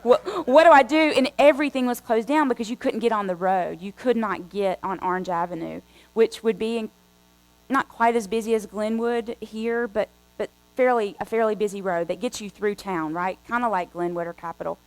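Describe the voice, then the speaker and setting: A woman guest preacher telling a story in a conversational, animated way from the pulpit. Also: medium pitch, moderate pace, rough recording. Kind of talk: storytelling sermon. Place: church sanctuary.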